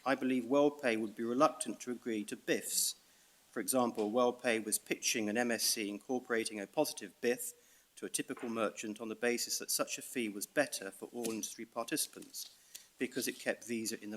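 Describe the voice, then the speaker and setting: A male barrister with a British accent presents legal argument in court. He reads out evidence in a steady, middle-pitched voice, pausing to stress key words. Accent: British English. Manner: measured, reads out evidence with emphasis.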